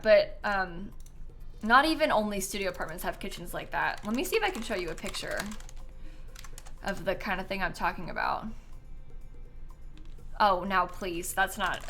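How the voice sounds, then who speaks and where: A woman's voice: mid-range voice, animated, normal speed, pushed and bright, faint music behind. A woman chatting casually on a live stream as she builds in a life-sim game, giggling often and answering her chat.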